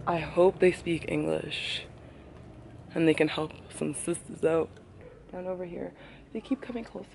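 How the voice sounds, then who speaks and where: A woman's voice: sits low, normal speed, vocal fry, noisy background. Chatty woman vlogging outdoors. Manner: chatty and excitable, slangy asides. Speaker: travel vlogger. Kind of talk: casual vlog chat to camera. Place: outdoors on a holiday island.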